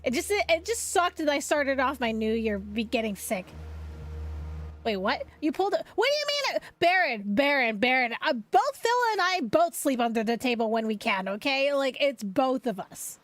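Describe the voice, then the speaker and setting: A young woman streamer chatting casually with her viewers, rambling, animated and laughing often. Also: sits high, normal speed.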